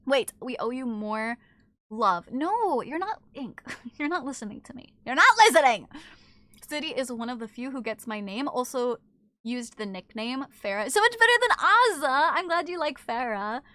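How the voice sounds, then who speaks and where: A woman's voice: on the high side, expressive, normal speed, fairly bright tone, no echo. A woman streamer chatting casually with her viewers, reading their messages aloud, playful and teasing and swearing freely.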